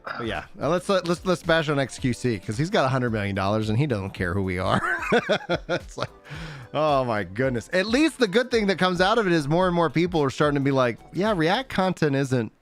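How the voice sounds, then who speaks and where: A man in his thirties hosts a livestream, chatting casually in a rambling way with many fillers and frequent laughter. His voice sits on the high side and is very animated, moving fairly quickly, with faint music in the background.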